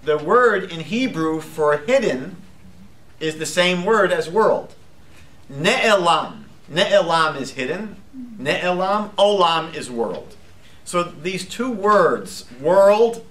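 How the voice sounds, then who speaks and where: A man teaching a live class as a rabbi, lively and chatty, posing questions to the group. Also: fairly high pitch, slow. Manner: lively, asks the class questions, jokes lightly.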